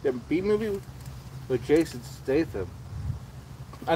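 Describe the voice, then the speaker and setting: A man's voice: on the high side, very animated, a little slow, pauses often, a little mellow, slight background noise. A man hosting a casual livestream, rambling and swearing freely as he chats. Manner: rambling and profane, with frequent restarts. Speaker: livestream host.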